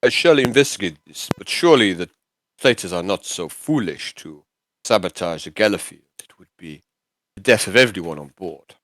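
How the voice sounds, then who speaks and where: A man voicing a formal, solemn male psychic aboard a starship, in a put-on Russian accent and stiff, measured phrasing. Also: low-pitched, animated, fairly bright tone, no room sound.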